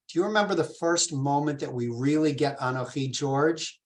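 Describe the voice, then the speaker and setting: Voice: medium pitch, moderate pace. A rabbi teaching a conversational Torah class, explaining patiently and asking the group questions. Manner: informal, with fillers and restarts. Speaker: rabbi teaching a text study.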